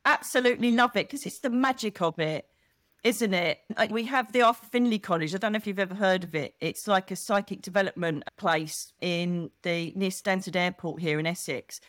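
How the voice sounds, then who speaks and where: A middle-aged woman, a guest chatting casually and telling stories with lively, expressive delivery. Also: on the low side, normal speed, no echo, clean studio sound. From England. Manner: animated, expressive storyteller who acts out quotes. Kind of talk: casual chat.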